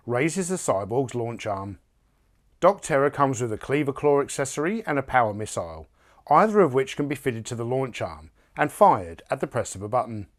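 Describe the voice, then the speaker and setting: A man reading a scripted toy review narration in an even, polished way. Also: medium pitch.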